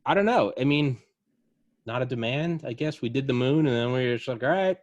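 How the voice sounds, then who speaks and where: A man chatting casually as a podcast co-host, telling a rambling, animated story full of fillers. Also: mid-range voice, fairly quick, muffled recording. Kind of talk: casual chat.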